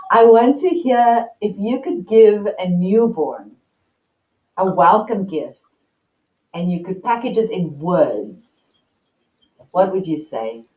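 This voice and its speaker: A woman's voice: lowish voice, animated, takes it slowly, long pauses. Effusive woman host, distant roomy sound. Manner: enthusiastic, effusive reactions. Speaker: summit host. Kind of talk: casual interview chat. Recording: distant, roomy, slightly muffled.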